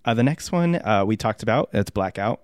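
A man's voice: lowish voice, lively intonation, brisk, dry recording, studio quality. A man co-hosting a casual music review podcast, joking and laughing often. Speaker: podcast co-host.

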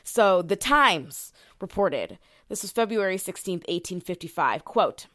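A woman's voice: on the low side, expressive, measured pace, fairly bright tone, no echo, studio quality. A young woman co-hosting a podcast, telling a story in a casual, swearing, filler-heavy way and reading quotes aloud. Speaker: podcast co-host.

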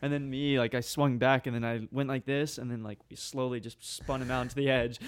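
A young American man, a podcast host, telling a story in an animated, slangy way and laughing often. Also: mid-range voice, fairly quick, hardly any pauses, clear, resonant tone, no echo. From United States. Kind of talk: casual storytelling chat.

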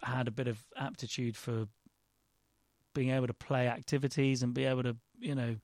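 In clean studio sound with no room ambience, an actor and director from London, England, tells a rambling, self-deprecating story as an interview guest, restarting frequently. His medium-pitched voice is darkish in tone, delivered flatly at a moderate pace in casual chat.

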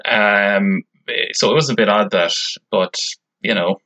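A man's voice: on the low side, a little slow, pushed and bright, highs cut off. An Irish man co-hosting a podcast, chatting casually with plenty of stumbling restarts. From Ireland. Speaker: podcast co-host. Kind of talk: casual chat.

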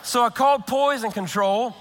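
A man, a pastor, preaching a sermon, praying and telling a humorous story in an animated way with quick restarts. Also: very high voice, in a large hall, a little hiss or hum.

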